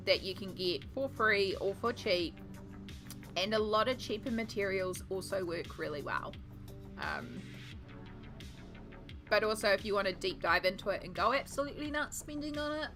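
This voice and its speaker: A woman's voice: mid-range voice, expressive, measured pace, sharp tone. Casting: chatty woman, playful and teasing, art streamer, faint music behind. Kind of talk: casual chat while painting.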